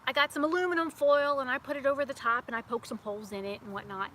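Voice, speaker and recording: A woman telling a story in a casual vlog, her voice high and bright. She talks in a chatty, animated way, laughing as she goes. A faint hum of outdoor noise sits behind her. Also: quick pace. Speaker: beauty vlogger. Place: outdoors near a house.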